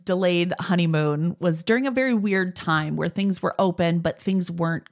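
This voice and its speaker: A woman hosting a podcast, chatting casually, playful and quick to laugh. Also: lowish voice. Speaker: podcast host. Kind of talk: casual chat.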